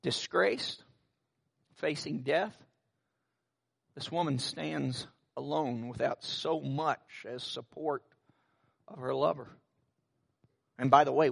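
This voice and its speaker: A man's voice: sits high, creaky, fairly bright tone. A middle-aged male pastor preaching a sermon, telling stories with wry asides.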